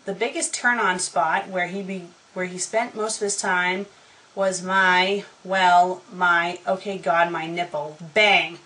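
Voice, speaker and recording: A woman's voice: medium pitch, measured pace, a bit bright, poor audio. Sarcastic woman reading fanfiction aloud. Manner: sarcastic, profane, exasperated. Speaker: fanfiction critic. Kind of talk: comedic dramatic reading with commentary.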